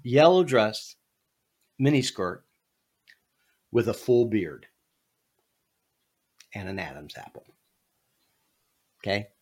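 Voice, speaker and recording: A man hosting a podcast, telling a funny story in an animated, jokey way. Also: on the low side, slow, long pauses, slightly rough. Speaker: podcast host. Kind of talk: casual storytelling.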